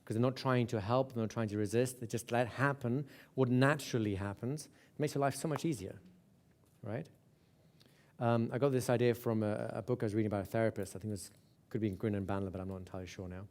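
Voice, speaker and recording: Brief: male seminar instructor at a middling pitch, chatty, keeps checking in with the room and repeating words. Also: steady tone, quick pace, a little mellow. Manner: conversational, with repeated checks like "right?". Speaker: hypnosis instructor. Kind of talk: live seminar teaching.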